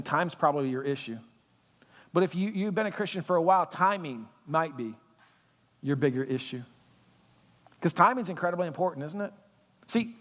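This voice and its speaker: A man preaching a sermon as pastor in a church, talking conversationally and building to loud intensity. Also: on the high side, long reverb tail. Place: church auditorium.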